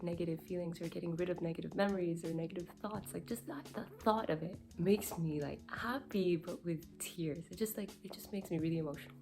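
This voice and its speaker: A young woman recording a casual video diary about her life coach training, rambling and candid, with constant fillers. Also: medium pitch. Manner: rambling, heavy use of "like", emotional and candid.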